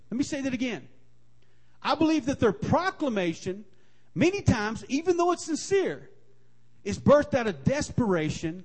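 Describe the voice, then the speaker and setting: High-voiced, animated preacher man. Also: moderate pace. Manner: repeats key lines, rising to forceful emphasis. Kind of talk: sermon.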